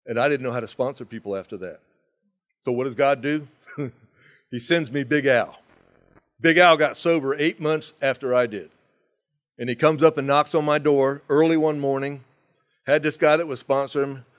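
Animated man telling a recovery story. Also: medium pitch, moderate pace, pauses often. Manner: animated, wide swings from loud to hushed. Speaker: recovery meeting speaker. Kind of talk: storytelling talk.

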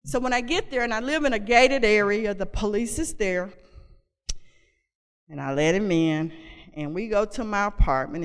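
A woman telling her personal story to an audience in a candid, conversational way, often repeating and restarting phrases. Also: mid-range voice. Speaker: speaker sharing her recovery story. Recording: long reverb of a large hall.

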